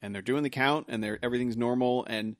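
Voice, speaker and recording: A man co-hosting a podcast, recapping a film in an animated, casual way and swearing freely. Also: medium pitch, quick pace, dry recording, studio quality. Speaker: podcast co-host.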